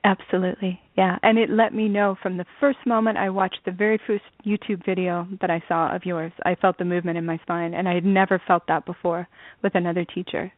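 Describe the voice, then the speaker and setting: A woman's voice: on the low side, level tone, fairly quick, no room sound. A woman interviewed as a student guest, talking earnestly and laughing readily, over a dry, tinny phone line.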